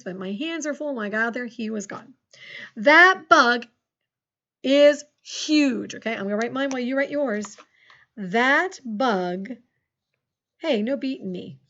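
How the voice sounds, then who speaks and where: A woman teaching a recorded phonics lesson to second graders, encouraging and slowly dictating sentences with big swings in her voice. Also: on the high side, a bit bright, highs cut off.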